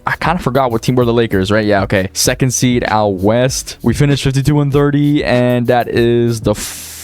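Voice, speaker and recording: A young man giving casual, excitable commentary over a basketball video game, swinging between gloomy muttering and high-pitched shouts. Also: moderate pace, clean tone, no room sound. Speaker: gaming YouTuber.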